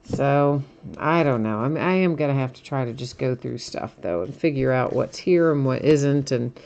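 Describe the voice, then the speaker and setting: A woman with a notably low voice talks loosely on a live stream, rambling from topic to topic and breaking into small laughs. She hosts a trading card break in a relaxed, casual chat manner. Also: moderate pace. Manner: chatty, rambling, laughs often.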